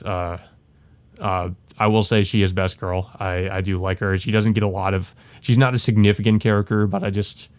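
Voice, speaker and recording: A man's voice: on the low side, no echo. A young man hosting his own channel, talking through a manga volume in a rambling, hesitant way, with lots of restarts and casual asides. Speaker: channel host.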